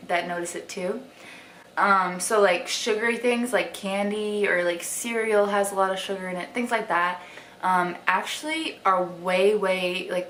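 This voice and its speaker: A woman's voice: mid-range voice, a bit bright. Chatty young woman from Wisconsin, echoey room. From Wisconsin, USA. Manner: chatty, lots of "like" and "um", drawn-out words for emphasis. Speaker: vlogger. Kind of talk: casual chat to camera. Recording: echoey room with faint ambient noise.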